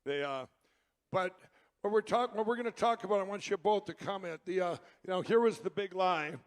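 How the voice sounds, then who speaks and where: A man hosting a live event, talking to the crowd in a rambling, excitable and pointed way. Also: high-pitched, fairly quick. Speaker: event host. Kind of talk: live presentation to an audience.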